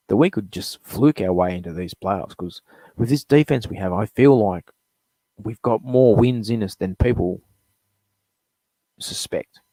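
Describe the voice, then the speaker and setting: A man's voice: on the low side, mellow, dry recording. A middle-aged man hosting a live show, ranting bluntly with lots of swearing, rambling between topics. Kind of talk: profane sports fan rant.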